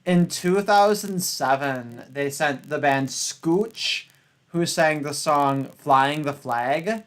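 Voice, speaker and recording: A man hosting a podcast, chatting casually, with a profane and animated ranting manner. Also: a little high, slow pace. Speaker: podcast host. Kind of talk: casual chat.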